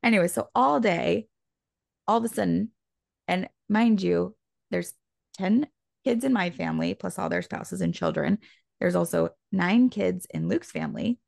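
A young woman co-hosting a podcast tells a personal story, animated and chatty, with lots of fillers, especially "like." Her medium-pitched, creaky voice moves at normal speed, recorded dry with clean studio sound.

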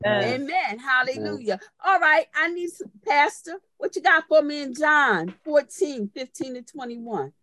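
A woman's voice: high-pitched, expressive, unhurried, fairly bright tone, dry recording. A woman pastor delivering a sermon, moving from conversational storytelling to fervent preaching and calling out to members of her congregation by name.

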